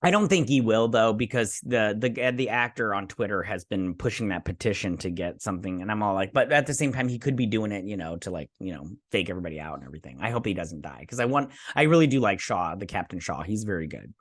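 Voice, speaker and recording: A man giving a casual, rambling recap of a TV episode, excitable and full of "like" fillers. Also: lowish voice, fast, few pauses, no room sound, studio quality. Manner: rambling, excitable, heavy use of "like". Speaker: show recap vlogger.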